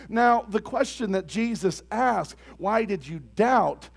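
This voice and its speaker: Young male pastor, high animated voice, conversational sermon that swells into forceful emphasis. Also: slow pace, gravelly. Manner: builds to loud emphatic bursts; conversational, asks the congregation questions.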